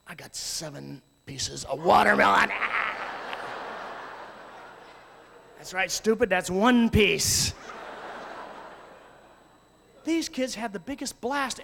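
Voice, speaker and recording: A man telling lively stories to an audience as a youth ministry speaker, acting out voices and shouting at times. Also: very high-pitched. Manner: animated, acts out voices and shouts. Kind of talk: storytelling talk to an audience. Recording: long hall reverb.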